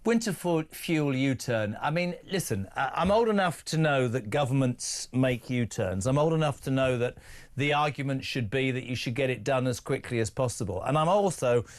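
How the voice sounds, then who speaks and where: A man's voice: medium pitch, animated, normal speed. A man, hosting a brash phone-in talk radio show with teasing, sarcastic asides. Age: 50s.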